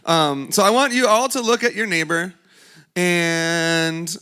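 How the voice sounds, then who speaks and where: A man's voice: on the high side, slow pace, pushed and bright, smooth. A man giving a casual talk at a conference, joking and chatting with the audience as he speaks. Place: conference hall before a crowd.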